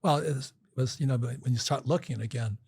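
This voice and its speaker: A man's voice: mid-range voice, a little fast, gravelly, a little mellow, husky, no room sound. An older man telling rambling stories in a casual interview, acting out quotes with frequent restarts. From Hawaii. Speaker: guest.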